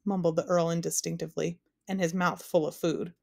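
A woman narrating a children's storybook aloud in a steady storytelling voice. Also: on the low side, fairly quick, creaky.

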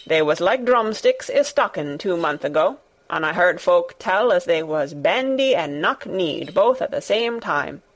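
Lady reading as crusty old gardener, hoarse and blunt, slow. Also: lowish voice, animated. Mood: insistent. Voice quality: hoarse, rough dialect. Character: gruff old Yorkshire gardener, man.

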